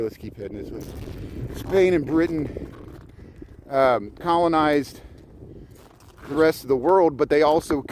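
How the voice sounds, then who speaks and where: A man's voice: a little high, slight background noise. An American man rambling casually while he livestreams a walk outdoors through city streets, talking to his viewers as he goes. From United States. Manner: chatty, digressive, talks while walking.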